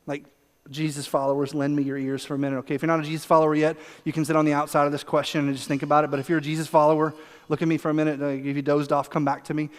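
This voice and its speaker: Male pastor with a high, bright voice, animated sermon delivery, heard with long hall reverb. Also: very fast. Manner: animated, acts out voices in quotes, repeats words when excited. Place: church sanctuary.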